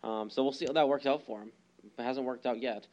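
A man's voice: medium pitch, a little fast, lo-fi sound. Casual young man chatting baseball, lots of ums. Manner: hesitant, many ums, laughs often. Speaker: podcast co-host. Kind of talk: casual sports chat.

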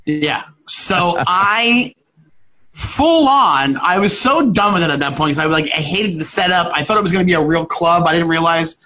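Animated bright-voiced comedian telling stories. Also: male voice, normal speed. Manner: animated storyteller, acts out hecklers with loud swings in pitch. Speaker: stand-up comedian. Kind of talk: casual podcast chat over a video call. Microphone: video call. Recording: lo-fi call audio.

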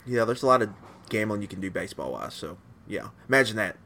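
A man co-hosting a sports podcast in a relaxed, rambling, casual chat, laughing easily. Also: on the low side, quick pace, vocal fry, very noisy. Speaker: podcast co-host.

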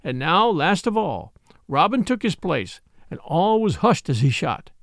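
Lively high-voiced male storyteller. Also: unhurried, no room sound, clean studio sound. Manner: expressive, dramatic reading. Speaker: audiobook narrator. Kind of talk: storybook narration.

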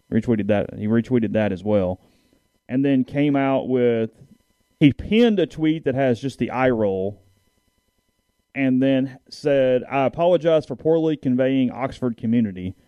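A man co-hosting a casual sports talk show, halting and restarting as he reads. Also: medium pitch, no room sound, dull audio. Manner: halting, restarts while reading.

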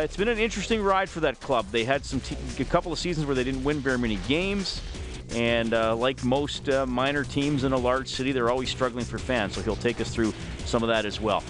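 A man hosting a sports radio show, reading listener texts and chatting in a relaxed, self-amused way. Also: mid-range voice. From Alberta, Canada. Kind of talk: casual radio talk. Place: radio studio. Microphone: studio microphone.

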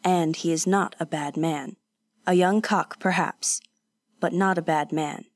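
A blunt old woodseller who scolds and lectures the young man in front of him, as a woman narrator plays him. His voice sits on the low side and is recorded close and dry, with no room sound. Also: steady tone, a little slow, dry recording, natural voice. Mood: gruff.

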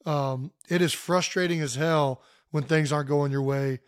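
A man from Ohio co-hosting a podcast, telling stories in an animated, joking way. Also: fairly high pitch, moderate pace, dry recording, studio quality. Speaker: podcast co-host. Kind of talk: casual chat.

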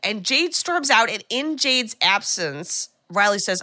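Bright-voiced chatty woman podcast host. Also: a little high, no room sound. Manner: animated, chatty, full of "like" and quick asides. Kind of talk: casual chat recapping a film.

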